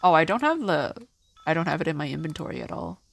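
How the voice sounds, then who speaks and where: Casting: woman streamer, lively up-and-down delivery, casual gameplay chatter, soft music underneath. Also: low voice, fast talker, gravelly. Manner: blunt, swears, reacts aloud. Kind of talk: casual live gameplay commentary.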